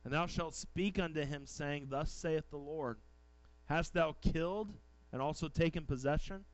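A man's voice: on the high side, normal speed, no room sound, rough recording. A male pastor preaching a sermon, reading old-fashioned scripture aloud and then exhorting his congregation.

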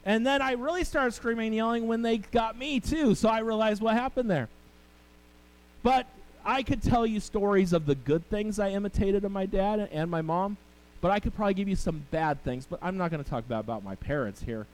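Man, middle-aged pastor, high voice, conversational sermon, family anecdotes. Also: a little fast, rough recording. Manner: storytelling, conversational with the congregation.

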